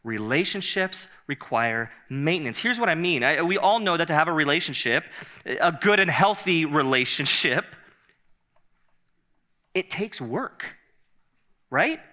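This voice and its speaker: A man preaching a sermon in a conversational, animated way, often laughing and repeating himself. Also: a little high, a little slow, pauses often. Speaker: pastor.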